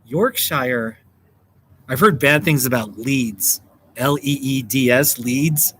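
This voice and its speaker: An American man hosting a casual livestream in a middle-pitched voice, calling out viewers by name and laughing often. A faint hum of background noise sits behind him. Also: slow, fairly bright tone. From United States. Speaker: livestream host. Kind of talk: casual livestream chat reading viewer comments. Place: home in Colorado.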